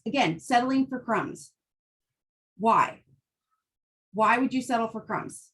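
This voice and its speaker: A high-pitched woman talks casually and with real fire, driving home her points bluntly. She keeps asking "right?" to pull her listeners along. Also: lively intonation, takes it slowly, long pauses, a bit bright. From United States. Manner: fired-up, blunt, emphatic with frequent "right?". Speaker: host. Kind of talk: casual motivational talk.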